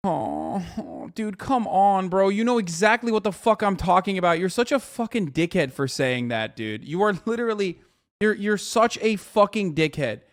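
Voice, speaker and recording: A man's voice: high-pitched, very animated, normal speed. A man streaming a reaction video, ranting heatedly and profanely and tripping over his words. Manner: profane, ranting, talks over himself with restarts. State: agitated, at times shouting.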